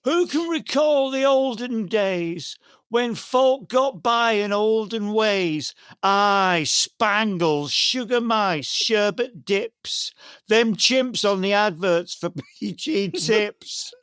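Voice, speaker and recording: A man's voice: sits high, lively intonation, takes it slowly, fairly bright tone, no echo, clean studio sound, full character voice. A man voicing a nostalgic old northern English man in a Northern English accent, reciting comic verse in a sing-song way.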